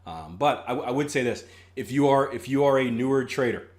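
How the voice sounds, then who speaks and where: A man's voice: medium pitch, animated, fairly quick. A young man hosting a live trading stream in casual chat, joking, laughing at his own jokes and reading viewer comments aloud. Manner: frequent restarts and filler ums. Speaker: trading livestream host.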